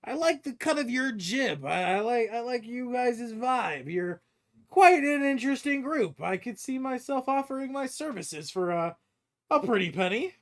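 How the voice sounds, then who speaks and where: A man doing a jolly booming dwarf ranger. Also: expressive, normal speed. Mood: jovial. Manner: jolly, booming, cackling laughter. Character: boisterous laughing dwarf ranger for hire.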